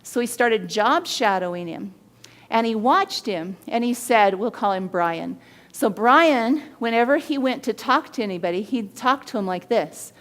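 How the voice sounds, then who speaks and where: A woman hosting a body language show, teaching in an energetic way and acting out the people in her stories. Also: a little high, unhurried. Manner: animated storyteller who acts out quoted voices.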